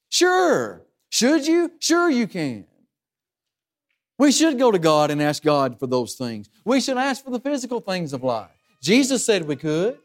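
High-voiced preacher, emphatic sermon. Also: male voice. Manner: emphatic, with rhetorical questions to the congregation.

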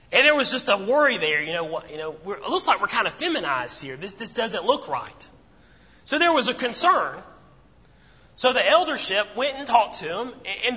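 Guy preaching, bright ringing voice, long church reverb, keeps asking the room questions. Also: high-pitched. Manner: conversational, asks the congregation rhetorical questions, repeats phrases for emphasis. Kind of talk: sermon.

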